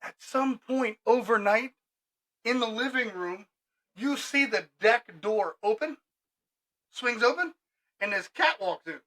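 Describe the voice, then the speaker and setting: High, bright-voiced storytelling man. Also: slow, pauses often, poor audio. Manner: animated, laughing, acts out both sides of conversations. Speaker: restoration business owner telling stories. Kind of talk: casual podcast storytelling.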